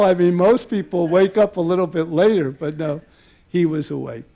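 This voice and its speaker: An older man gives a public talk, his slightly high voice carrying a gravelly edge and a dark, mellow tone. He reminisces at length, stopping often on filler sounds as he gathers his thoughts. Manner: halting, many filler pauses, warm reminiscing. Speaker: mathematician giving a public talk. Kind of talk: public lecture with personal anecdotes. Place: museum lecture hall before an audience.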